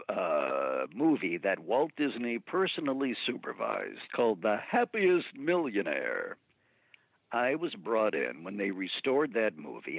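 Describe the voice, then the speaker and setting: An animated male voice actor talks through his career, his pitch swinging freely as he laughs his way through stories. The sound is tinny and phone-like, with a dry, close quality and no room around it. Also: no echo. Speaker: voice actor guest. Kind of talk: relaxed interview storytelling.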